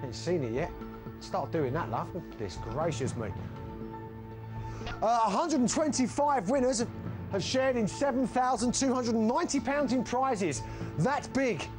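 A man's voice: extremely high pitch, animated, unhurried. A man hosting a TV game show live, joking and teasing his co-host. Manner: jokey, teasing banter with a co-host. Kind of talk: live TV presenting over music. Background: background music.

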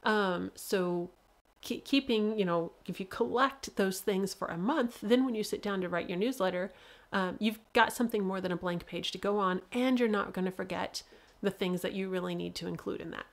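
A woman's voice: medium pitch, moderate pace. Chatty woman host, laughing often. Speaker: author hosting a livestream show. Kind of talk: casual livestream talk.

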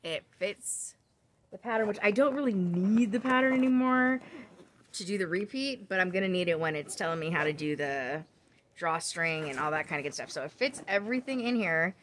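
A woman's voice: lowish voice, moderate pace, a little hiss or hum. A woman vlogging about her crochet projects in a casual, rambling chat full of tangents, ums and self-corrections. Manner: chatty, rambling with side tangents.

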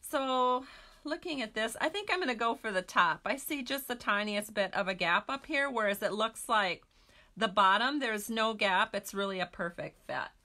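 A woman's voice: on the high side, expressive, moderate pace, bright, forceful tone. A woman demonstrating a card-making craft, chatting casually with her viewers as she works. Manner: chatty, talks to viewers while working.

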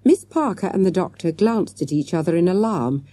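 A woman reading a children's storybook aloud in a lively, expressive way. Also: fairly low pitch, normal speed, dry recording. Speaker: audiobook narrator.

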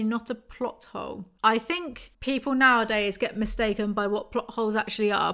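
A woman's voice: medium pitch, fairly bright tone. Young woman book reviewer, dry and sarcastic, easily exasperated. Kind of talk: sarcastic book reading and commentary.

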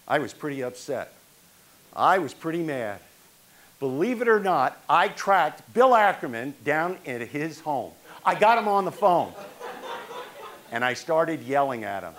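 A man's voice: fairly high pitch, expressive, normal speed, a bit bright. An older man from New York performing a one-man stage monologue, telling his own story and acting out the people in it.

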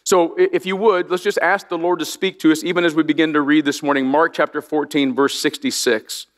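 Middle-aged male pastor from Indiana; high-pitched, chatty storyteller preaching in a large echoing sanctuary. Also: fairly even intonation, a little fast, a bit bright. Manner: storytelling, self-deprecating, many restarts. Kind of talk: sermon. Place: large church auditorium. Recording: long reverb of a large church.

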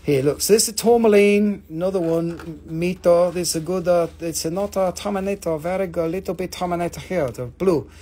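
Man, high pitch, husky, live auction host, joking, swearing. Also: fairly quick, hardly any pauses, mellow. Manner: joking, swearing, calling out bidders. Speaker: live-stream mineral seller. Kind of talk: casual live auction chat.

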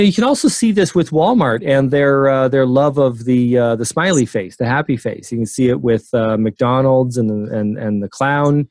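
A man's voice: mid-range voice, no room sound. A man in his sixties, a memory expert guest, talking casually in an interview with many fillers and restarts.

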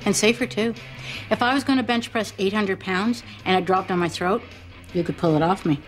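A woman in a sitcom, talking in a bubbly, excitable way. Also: medium pitch, brisk, faint music behind. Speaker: sitcom character, an excitable fitness fan. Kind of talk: sitcom acting.

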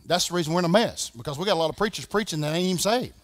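A Southern man preaching a sermon as pastor, swinging from shouting to a hush. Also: on the high side, expressive, rapid-fire, no echo. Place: church sanctuary.

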